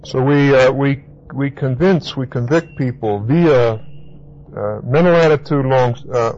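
A man's voice: medium pitch, measured pace, darkish tone. Man, preacher, Bible teaching sermon, emphatic, repeats key words, muffled lo-fi recording. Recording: dull lo-fi recording with faint hiss.

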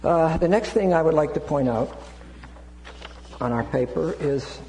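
A man's voice: a little high, unhurried, dark tone. A man preaching an expository Bible sermon, teaching with frequent restarts and asides. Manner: teaching, digresses with repeated restarts and Greek terms. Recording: echoey hall with hum.

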